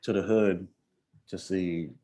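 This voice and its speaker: A man's voice: low voice, steady tone, slow, warm tone. Guy, rapper guest, chill slangy chat, laughs a lot. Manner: laid-back, slangy, laughs often. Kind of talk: casual chat.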